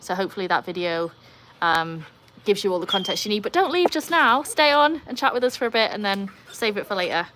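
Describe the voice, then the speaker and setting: A woman from England with an English accent, hosting a casual live stream outdoors by a pool and chatting with viewers, her voice jumping high when she greets people. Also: animated, fairly quick, background noise. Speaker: livestream host reading chat.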